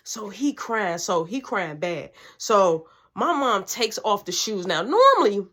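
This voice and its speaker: A woman's voice: mid-range voice, big pitch swings, measured pace, a bit bright. A young woman telling a family story in a casual, slangy, profane way, acting out the voices.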